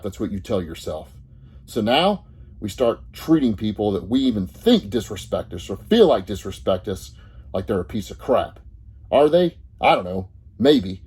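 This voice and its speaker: A man's voice: lowish voice, animated, moderate pace, mellow, slightly rough. A middle-aged man, a therapist talking bluntly and confrontationally to the viewer, swearing freely. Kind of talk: blunt motivational monologue to camera.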